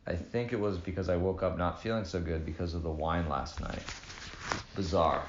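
A man's voice: low voice, steady tone, normal speed, slight background noise. A man in his thirties co-hosting a podcast, in a dry, sarcastic, rambling casual chat. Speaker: podcast co-host. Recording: dull roomy home recording.

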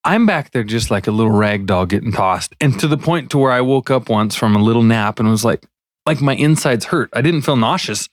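A man co-hosting a casual podcast, telling lively stories and laughing often as he talks about trucking life. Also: medium pitch, a little fast, no room sound, studio quality. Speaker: podcast co-host, truck driver. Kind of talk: casual chat.

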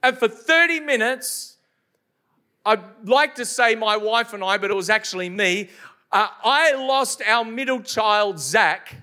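A middle-aged man preaching at a church service, his voice sitting very high for a man and ringing bright and forceful. He drives his points home with repetition and rhetorical questions thrown at the congregation. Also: a little slow. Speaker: pastor. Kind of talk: sermon.

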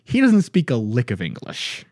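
A man's voice: medium pitch, huge pitch swings, moderate pace, a little mellow, no echo, studio quality. A man hosting a podcast, telling a story in casual chat and laughing often. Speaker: podcast host.

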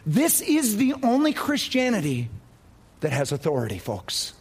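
A man preaching a sermon as pastor, telling a story dramatically and dropping to low, quiet tones for effect. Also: wildly swooping pitch, a little slow, husky.

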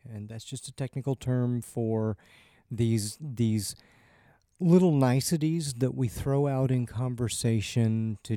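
A man hosting a podcast, explaining in an unhurried way with small restarts. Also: medium pitch, warm tone, no echo, clean studio sound. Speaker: podcast host. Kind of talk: casual podcast chat and explainer.

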